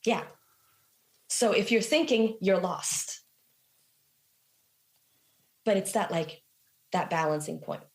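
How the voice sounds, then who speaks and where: A woman musician being interviewed, telling stories in a reflective, animated way with casual fillers. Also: on the low side, slow pace, long pauses. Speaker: guest musician. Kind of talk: conversational interview.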